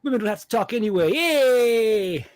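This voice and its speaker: A swaggering Italian-American wiseguy, put on by a man reading out chat comments in a gruff, cocky way. The voice sits high and swings widely in pitch. It sounds close and dry, with no room echo. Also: expressive, normal speed. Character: brash male Italian-American mobster type.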